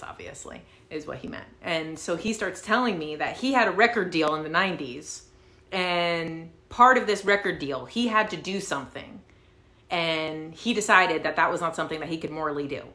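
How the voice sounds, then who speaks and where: A woman host casually telling a story to her viewers, animated and swearing freely, with lots of fillers. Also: sits low, moderate pace. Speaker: channel host. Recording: roomy echo.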